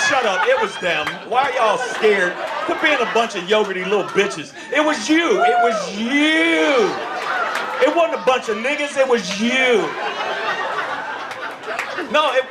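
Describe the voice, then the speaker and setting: A man's voice: sits high, very noisy. A man doing a stand-up comedy set on a club stage, brash and profane, slipping into mocking voices. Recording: live club with loud crowd laughter.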